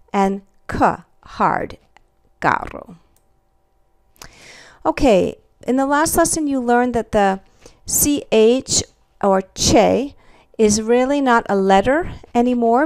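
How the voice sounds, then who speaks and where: Slow, careful woman teaching. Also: mid-range voice, creaky, dry recording, studio quality. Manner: slow, careful, repeats example words; checks in with "okay" and "all right". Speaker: Spanish teacher. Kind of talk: classroom lesson on pronunciation.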